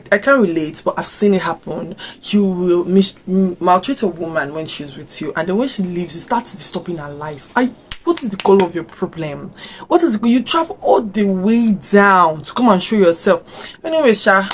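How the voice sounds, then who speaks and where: A young woman with a Nigerian accent, giving casual reaction commentary and firing off rhetorical questions. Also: lowish voice. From Africa. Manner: expressive, fires off rhetorical questions. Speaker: reaction vlogger.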